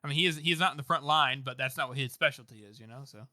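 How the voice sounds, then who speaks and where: A man's voice: medium pitch, racing, bright, forceful tone, dry recording, clean studio sound. A man co-hosting a podcast, talking in a loose, rambling way full of "like" and "you know" and frequent laughter. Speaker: podcast co-host. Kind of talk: casual book discussion chat.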